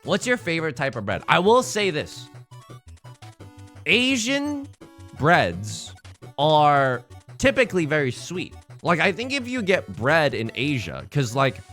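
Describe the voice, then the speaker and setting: Young male streamer, excitable and rambling, slightly high, animated voice. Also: measured pace. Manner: excitable, rambling, talks to himself. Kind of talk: casual live-stream game commentary. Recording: faint music under the voice.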